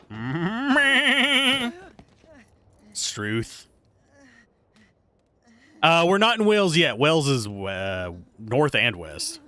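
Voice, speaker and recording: A man's voice: mid-range voice, sharp tone. A man streaming a game live, chatting casually and joking while reading game text aloud. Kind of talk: casual live gameplay commentary.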